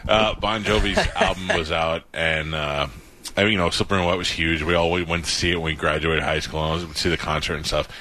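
A man's voice: rumbling low, steady tone, quick pace, sharp tone. A middle-aged man from New York, a radio host, chatting loosely with lots of likes. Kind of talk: casual talk radio chat.

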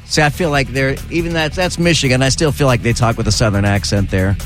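On a studio microphone with clean sound and no room noise, a man of medium pitch hosts a talk radio show. His delivery is sarcastic and opinionated, and he keeps repeating points with drawn-out emphasis.

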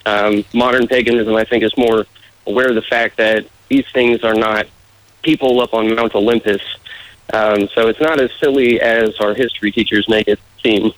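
A man speaking in a measured way as a guest on a casual radio interview, laughing often. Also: lowish voice, fairly even intonation, no echo, low-quality recording. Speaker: political candidate guest.

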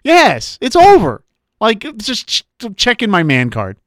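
A man's voice: sits high, wildly swooping pitch, unhurried, dry recording, clean studio sound. A man co-hosting a sports talk radio show, playful and goofy with his jokes. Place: radio studio.

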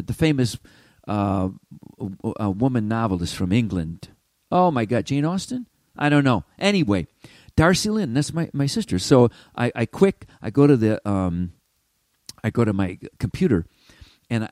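A man's voice: lowish voice, dry recording. An older man hosting his own show, telling a long rambling story with lots of restarts and asides. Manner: animated, self-interrupting storyteller. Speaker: podcast host. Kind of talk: rambling monologue.

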